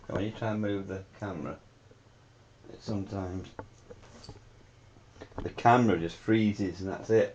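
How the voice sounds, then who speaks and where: Low-voiced British man talking to himself. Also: a little mellow, highs cut off, a little hiss or hum. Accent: British English. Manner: chatty, thinks aloud, swears freely. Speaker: home experimenter. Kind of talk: talking through a home experiment.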